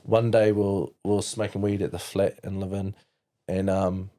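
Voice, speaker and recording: A young man with a New Zealand accent, a podcast guest telling a personal story in a halting way, full of restarts and "like". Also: deep voice, little pitch movement, dark tone. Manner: halting, frequent "like" and restarts, quoting others. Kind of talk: candid storytelling interview.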